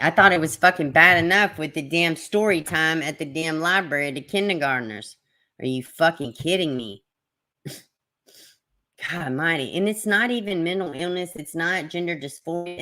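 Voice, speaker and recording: A woman's voice: lowish voice, sharp tone. A woman ranting in a profane, angry, exasperated way as she reacts to news articles on camera. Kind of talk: ranting commentary vlog.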